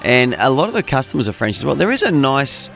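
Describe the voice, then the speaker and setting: A jokey Australian man co-hosts breakfast radio from the studio, chatting in an easy mid-range voice. He spins casual stories with playful asides while soft music plays underneath. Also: medium pitch, very animated, quick pace, gravelly. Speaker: radio co-host.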